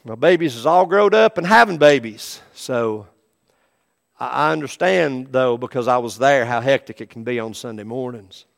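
A middle-aged man preaching a sermon as pastor, animated, acting out the people in his stories. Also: mid-range voice, normal speed, creaky. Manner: animated preaching, acts out quoted voices.

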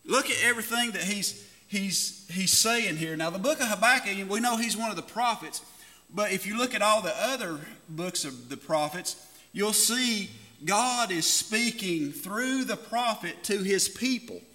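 A man preaching a sermon as pastor, reading scripture slowly and building emphasis. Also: high voice, lively intonation, pushed and bright, big-room sound. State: coughing, slightly hoarse.

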